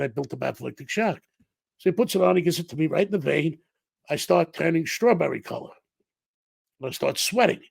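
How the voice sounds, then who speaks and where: A middle-aged man, a podcast guest, telling a story in an animated way and acting out the dialogue. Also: a little high, vocal fry, husky, no room sound.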